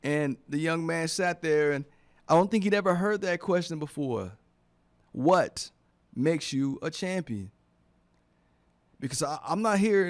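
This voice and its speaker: Man, radio host, slightly high pitch, earnest heartfelt motivational delivery with repeated phrases. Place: radio studio.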